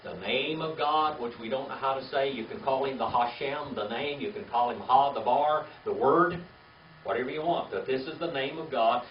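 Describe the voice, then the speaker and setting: A man leads a Bible lesson for a small class, asking them questions and repeating key words with a steady "all right?" after each point. His voice sits in the middle of a man's range. It is picked up from across an echoey room, dull and lo-fi with a faint hiss underneath. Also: mid-range voice, normal speed, recorded from a distance. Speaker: Bible teacher.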